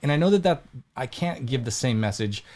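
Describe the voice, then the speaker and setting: A man's voice: mid-range voice, animated, fairly quick, a little mellow. A man chatting casually as a podcast host, rambling as he thinks aloud.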